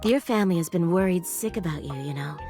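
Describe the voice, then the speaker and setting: A woman's voice: fairly low pitch, fast talker, mellow, faint music behind, close to an everyday voice. A woman as a doting motherly bed. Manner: fond, teasing, motherly. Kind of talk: video game voice acting.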